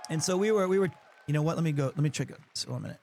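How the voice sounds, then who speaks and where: High-voiced male streamer, rambling chat. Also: racing, a little mellow, slight background noise. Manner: rambling, self-interrupting anecdotes. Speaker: streamer hosting a watch party. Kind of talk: casual chat, storytelling to chat. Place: home streaming studio.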